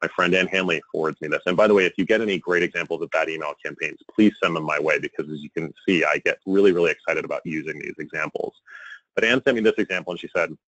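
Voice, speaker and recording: A man giving a conference presentation, animated and exasperated, with a joking edge. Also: extremely low pitch, fast talker, dry recording, lo-fi sound. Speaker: conference speaker on email marketing.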